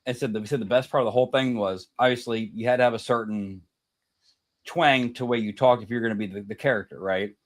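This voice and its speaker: A man's voice: mid-range voice, fairly even intonation, quick pace. Guy on a chill podcast, storytelling, chuckles at his own bits. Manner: chatty storyteller, laughs at own jokes. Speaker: podcast co-host. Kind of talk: casual chat.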